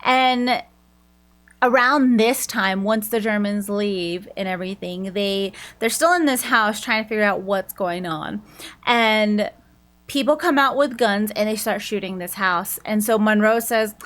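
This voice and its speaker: A woman's voice: medium pitch, a little slow, a bit bright. A woman giving a casual book review, retelling the plot in a loose, chatty way and slipping in quoted lines.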